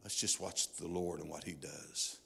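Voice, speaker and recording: A middle-aged male pastor giving a sermon testimony in a church, his delivery swinging from hushed to fervent. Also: low voice, steady tone, moderate pace, gravelly, breathy edge. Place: church sanctuary. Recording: long hall reverb.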